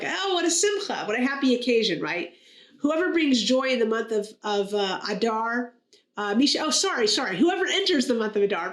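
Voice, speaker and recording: A woman's voice: a little high, echoey room. A woman rabbi co-hosting a casual talk, chatty and playful, telling and unpacking a joke. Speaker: rabbi, co-host. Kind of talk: casual conversation.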